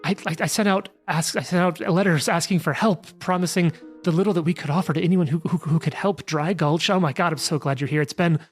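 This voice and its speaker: A man's voice: on the high side, fairly even intonation, fast, few pauses, soft background music, close to an everyday voice. A man voicing an anxious woman village barber who stammers and gushes with relief. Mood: frantic relief.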